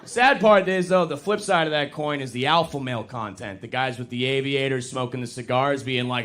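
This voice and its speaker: A young man performing stand-up comedy on a club stage, talking casually and poking fun at himself, now and then jumping into high mocking voices. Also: moderate pace, a bit bright. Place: comedy club stage before a live audience.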